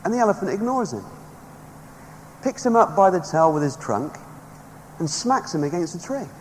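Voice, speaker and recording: High-voiced man rallying a hall. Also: sing-song, normal speed. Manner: emphatic, storytelling, rallying the audience. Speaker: motivational speaker. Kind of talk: motivational seminar speech. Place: large hall with a live audience. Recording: echoey hall, faint background noise.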